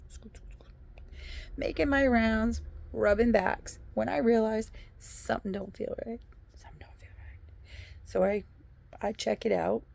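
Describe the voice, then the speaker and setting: Woman, vlogger, casual storytelling, gravelly voice, drops to whispers. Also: fairly high pitch, a little mellow. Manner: chatty storytelling, often dropping to a whisper. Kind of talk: casual chat.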